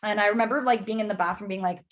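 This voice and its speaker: A woman's voice: medium pitch, rapid-fire, a bit bright. A young woman from Canada, chatting casually as a podcast guest, with lots of fillers and acted-out quotes.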